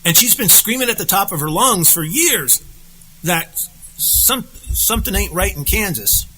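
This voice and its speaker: A man's voice: high-pitched, unhurried, husky, poor audio. A man co-hosting a casual talk show, telling stories animatedly and acting out the quotes. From United States. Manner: animated storyteller, acts out quotes. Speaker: podcast co-host. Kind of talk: casual political chat.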